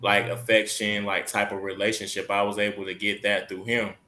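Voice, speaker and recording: A man on a panel, reflecting thoughtfully and pausing as he talks about his father. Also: on the low side, little pitch movement, bright, forceful tone. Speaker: panel guest. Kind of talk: casual panel chat.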